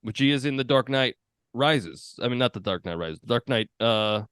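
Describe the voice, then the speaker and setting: A podcast co-host chats casually, cracking jokes, laughing a lot and swearing. His medium-pitched voice is fairly bright and clean, with lively intonation and a moderate pace. The studio sound is clean, with no echo.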